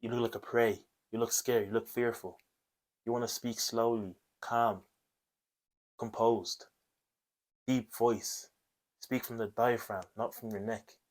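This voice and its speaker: A man gives blunt, coaching advice straight to camera. His voice sits at an ordinary middle pitch, and he tags his points with "okay?" and casual swearing. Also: little pitch movement, unhurried, long pauses. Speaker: self-improvement video host. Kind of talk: direct-to-camera advice monologue.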